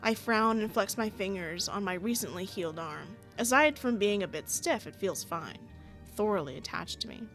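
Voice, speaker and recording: A woman's voice: medium pitch, expressive, normal speed, a bit bright, faint music behind. Woman, game streamer, reads visual novel narration aloud, giggly asides, self-deprecating.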